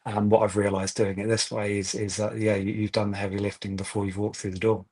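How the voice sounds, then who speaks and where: A man's voice: on the low side, level tone, quick pace, darkish tone. A man, an independent estate agent telling chatty anecdotes as a webinar guest over a video call. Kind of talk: webinar interview answers.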